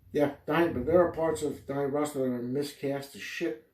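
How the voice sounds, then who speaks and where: Fairly high-pitched yet darkish in tone, this podcast host speaks a bit quickly with fairly even intonation. In a roomy-sounding space, he wanders through an improvised comedy monologue, swearing and hopping between tangents.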